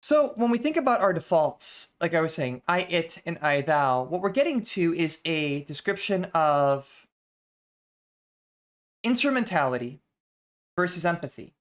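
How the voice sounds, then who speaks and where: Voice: medium pitch, big pitch swings, unhurried. An adult vtuber hosting a book reading series, talking through ideas in a thoughtful, conversational way with frequent restarts. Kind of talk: casual reflective lecture stream.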